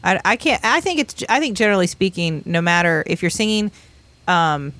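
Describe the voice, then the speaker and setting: Wry low-voiced woman podcaster. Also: lively intonation, normal speed, fairly bright tone, no room sound. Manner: wry, rambling, joking. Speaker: podcast host. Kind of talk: casual chat among siblings.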